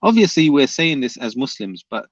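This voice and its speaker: A man's voice: mid-range voice, sing-song, moderate pace, no echo, dull audio. A man streaming live, reading viewer comments aloud and arguing back, repeating his questions at the commenters.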